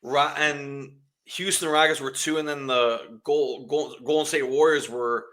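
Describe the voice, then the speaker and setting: With a fairly high, fairly bright voice and fairly even intonation, this sports podcast co-host speaks at a measured pace. His casual talk rambles, and he trips over names and starts sentences over.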